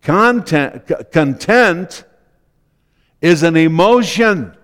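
A man preaching a sermon as pastor, slow and deliberate, repeating key phrases for emphasis. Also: high voice, expressive, clean tone, big-room sound.

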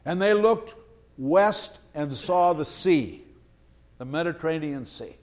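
Slow, high-voiced preacher man. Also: lively intonation. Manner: slow, emphatic preaching with repeated phrases. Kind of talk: sermon.

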